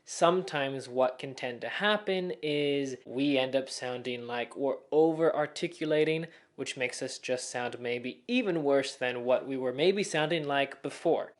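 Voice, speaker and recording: A young man giving casual tips on speaking clearly, now and then acting out mumbled or rushed talk as examples. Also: mid-range voice. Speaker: speaking coach. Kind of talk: casual spoken tutorial.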